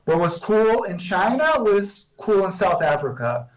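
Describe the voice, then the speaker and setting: A man talking as a guest professor on a video call, measured and explanatory with frequent restarts. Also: sits high, big pitch swings, recorded from a distance, poor audio. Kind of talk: remote interview answers.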